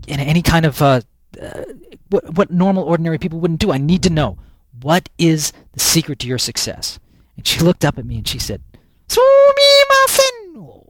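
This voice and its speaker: A man's voice: medium pitch, a bit bright, no echo. An American man holds forth as a guest speaker, spinning a story with lots of energy. He restarts sentences and repeats words as he goes. His voice sits close and dry, with no room sound. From United States. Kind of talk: storytelling interview talk.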